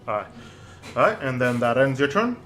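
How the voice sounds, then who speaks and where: A man running a tabletop game as game master, narrating actions casually with spoken booms. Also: brisk, soft background music. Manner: relaxed narration with sound-effect booms.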